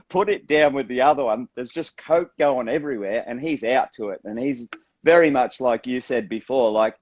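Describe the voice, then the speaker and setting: A man's voice: medium pitch, moderate pace, darkish tone, no room sound, dull audio. A man, a tattoo artist telling a casual story, swearing freely and acting out the lines of people in it. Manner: laid-back, swears freely, acts out quotes. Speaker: tattoo artist, podcast guest.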